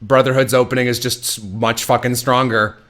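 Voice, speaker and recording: A man's voice: medium pitch, level tone, fairly quick, fairly bright tone. A man hosting a stream, casually recapping a plot in a sarcastic, rambling way with some swearing. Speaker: stream host. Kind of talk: casual chat.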